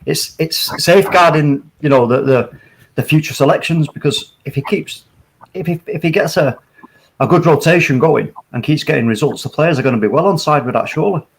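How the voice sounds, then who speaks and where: Guy chatting footy, fairly high voice, animated and opinionated. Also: brisk, gravelly, a little hiss or hum. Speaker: co-host of a watchalong. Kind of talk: casual football chat.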